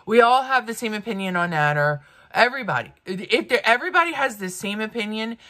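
A woman's voice: a little high, lively intonation, a little fast, sharp tone. A woman in her fifties doing get-ready-with-me commentary, blunt and ranting, swearing freely. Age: 50s. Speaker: beauty vlogger.

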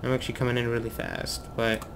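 A man hosting a let's play, commentating excitedly to himself as he flies, at a desk mic at home. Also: mid-range voice, quick pace, creaky, background noise. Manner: excitable, talks to himself while flying. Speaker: gaming video host.

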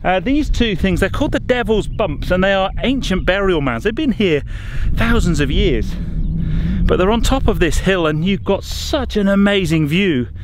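Bloke on a hill walk vlog, bouncy up and down voice, bit of wind noise, chatty. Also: male voice, high voice, expressive, moderate pace. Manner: chatty, talks to his dogs as he walks. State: out of breath while climbing. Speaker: vlogger. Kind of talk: casual walking vlog. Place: outdoors on a countryside hill walk.

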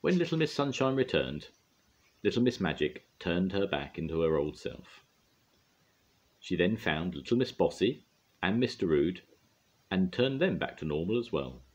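An older man gently and expressively reading a children's story aloud. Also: low voice, big pitch swings, normal speed, pauses often, husky. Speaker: storyteller grandad.

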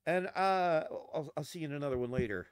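A man's voice: on the high side, fairly quick, smooth, no echo. A man in his forties from Texas, ranting casually and profanely to the camera. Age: 40s. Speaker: vlogger.

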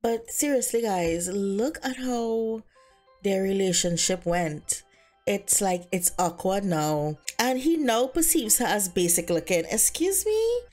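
A woman's voice: medium pitch, slow pace, darkish tone, faint music behind. A woman casually narrating her life-simulation gameplay in a chatty, conversational way, saying the characters' lines in her own voice. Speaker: Sims let's play narrator.

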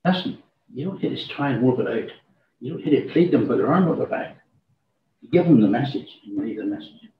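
A man's voice: mid-range voice, lively intonation, a little fast. Man, church testimony, rambling storyteller; distant mic, echoey room. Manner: rambling storyteller, acts out quoted dialogue. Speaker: church speaker giving a testimony. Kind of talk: informal testimony to a congregation. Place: church hall. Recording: roomy, distant, dull church recording.

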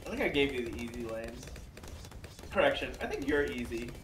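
A man's voice: mid-range voice, lively intonation, brisk, echoey room, distant mic, noisy background. A man chatting casually while playing on a live stream, full of profane, joking trash talk.

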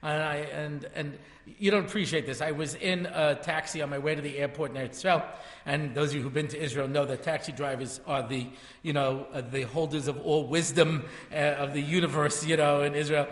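Rabbi guy around 60, high voice, rambling funny story talk, big echoey hall. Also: fairly even intonation, a little fast. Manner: chatty, self-interrupting, joking asides. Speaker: rabbi giving a lecture. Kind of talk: humorous storytelling lecture to a live audience. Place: large hall with an audience.

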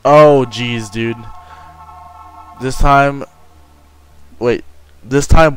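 A man's voice: mid-range voice, takes it slowly, long pauses, clear, resonant tone, soft background music. A young man giving horror game commentary, jittery and swearing, yelping when startled. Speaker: gamer.

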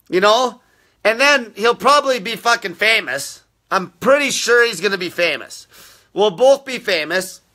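A man's voice: high voice, bright, forceful tone. A man hosting a live show, ranting aggressively with constant swearing and insults aimed at his viewers. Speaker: fasting diet coach hosting a live show. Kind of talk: profane live-stream rant.

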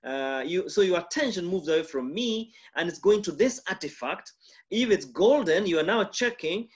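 A man with a Kenyan accent, a pastor giving a mentorship lecture on communication, demonstrative and full of pauses and shifts in volume. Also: dull audio. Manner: lively, demonstrative, shifts volume and pitch to illustrate.

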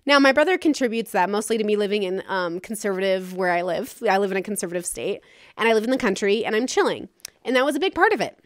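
A woman's voice: medium pitch, lively intonation, fast, dry recording, clean studio sound. A woman hosting her own podcast, talking frankly and casually in a solo monologue, with some swearing. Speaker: podcast host.

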